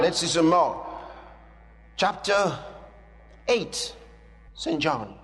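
A man preaching a sermon, reading scripture and swinging between hushed asides and shouted declarations, with chuckles between points. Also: fairly high pitch, big pitch swings, extremely slow, long pauses, noisy background. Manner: reads scripture aloud to a congregation. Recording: long hall reverb.

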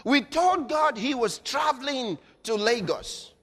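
A man delivers a fiery sermon in a high, lively voice that leaps from shouts to near-hushed asides. His tone is bright and forceful. The sound carries the long reverb of a large church hall. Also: takes it slowly. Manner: dramatic, shifts between shouting and low intensity. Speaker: preacher.

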